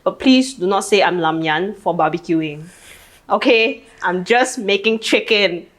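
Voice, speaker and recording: A woman's voice: mid-range voice, unhurried. A young adult woman with a Malaysian English accent, co-hosting a casual podcast and telling stories animatedly, swearing freely and ending phrases with "lah". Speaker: podcast co-host. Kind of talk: casual chat.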